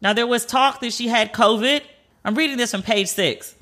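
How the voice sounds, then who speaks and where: Female podcast host, bright voice, animated and chatty, casual storytelling. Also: fairly high pitch, moderate pace. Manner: animated storytelling with frequent fillers and acted-out quotes. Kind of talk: casual chat.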